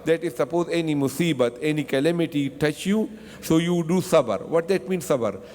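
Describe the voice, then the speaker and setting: A man's voice: on the high side, normal speed, a little mellow, long reverb tail. A man teaching a mosque tafseer lesson in non-native English with Arabic terms, who asks the class questions and answers them himself and often repeats himself. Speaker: Quran teacher.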